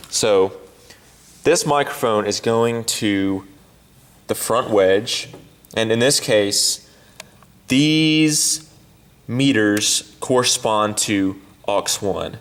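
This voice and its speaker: A man walking through a sound mixing desk step by step, in a halting way with many fillers and restarts. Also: fairly low pitch, big-room sound. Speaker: sound technician. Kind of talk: instructional walkthrough. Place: church sound booth.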